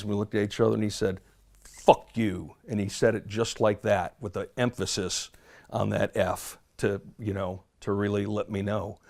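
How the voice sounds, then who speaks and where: A man with a gravelly, fry-laced voice pitched a bit low tells a remembered scene step by step. He speaks slowly and deliberately, as in a played-in interview clip. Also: darkish tone. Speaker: former first responder. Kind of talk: archive interview testimony.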